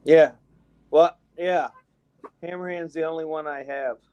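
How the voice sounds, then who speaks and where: A man's voice: fairly high pitch, fairly even intonation, a little slow, a little mellow, clear, resonant tone, highs cut off. A man chatting casually on a live stream call, laid-back with short agreeing replies.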